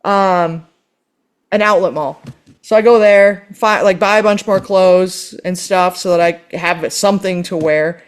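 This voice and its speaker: A woman on a podcast telling a story in casual chat, animated and exasperated, swearing often. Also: on the low side, a little slow. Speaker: podcast co-host.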